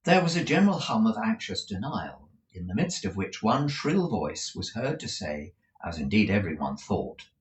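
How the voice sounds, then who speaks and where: A man reading a classic novel aloud as an audiobook narrator, slow and expressive. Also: fairly low pitch, echoey room. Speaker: audiobook reader. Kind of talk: scripted narration.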